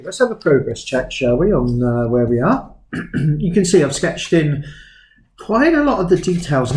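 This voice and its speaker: A man's voice: medium pitch, a little mellow. Chatty man in his fifties, roomy echo. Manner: chatty, digressive, self-deprecating. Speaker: art tutor. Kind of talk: relaxed sketching tutorial with anecdotes.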